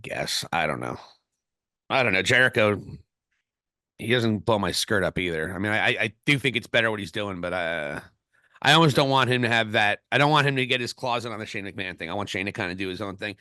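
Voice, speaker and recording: A man's voice: lowish voice, expressive, brisk, sharp tone, dry recording, clean studio sound. A man co-hosting a wrestling podcast, talking casually in an opinionated, rambling way with many restarts. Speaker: podcast co-host.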